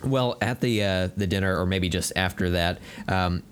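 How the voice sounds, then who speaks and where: A man co-hosting a podcast, recapping film scenes in a relaxed, casual way with lots of ums and uhs. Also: low-pitched, normal speed, clear, resonant tone. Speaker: podcast co-host. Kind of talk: casual movie recap chat.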